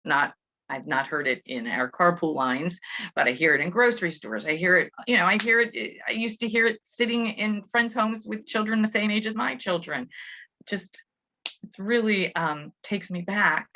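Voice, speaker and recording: A woman's voice: medium pitch, normal speed, sharp tone. A middle-aged woman educator giving a casual talk to parents, chatty, with frequent restarts and fillers. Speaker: Montessori school educator. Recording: dull lo-fi audio.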